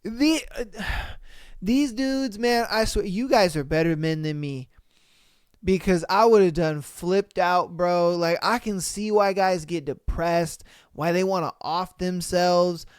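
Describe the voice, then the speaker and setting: A man hosting a podcast, reacting to stories in casual, slangy talk and breaking into loud exclamations. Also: high-pitched, slow, clear, resonant tone, no echo, clean studio sound. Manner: exclaiming, slangy, calls listeners bro. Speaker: podcast host.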